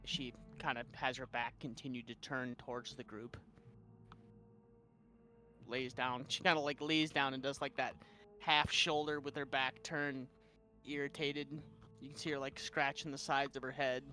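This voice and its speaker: A man's voice: mid-range voice, level tone, normal speed, pushed and bright, soft background music. Midwestern man narrating as game master. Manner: loose, filler-heavy narration.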